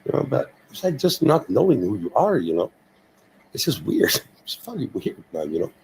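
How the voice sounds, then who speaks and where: A hoarse man rambling and swearing in a casual livestream chat, dropping "man, you know" everywhere. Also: mid-range voice, wildly swooping pitch, normal speed, dark tone, slight background noise, low-quality recording.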